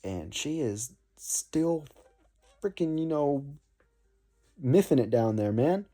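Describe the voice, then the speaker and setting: Young man, warm mellow voice, rambling casual storyteller. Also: medium pitch, lively intonation, slow pace. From North Florida. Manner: rambling, laid-back, many fillers and "man". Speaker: saxophone player telling a story.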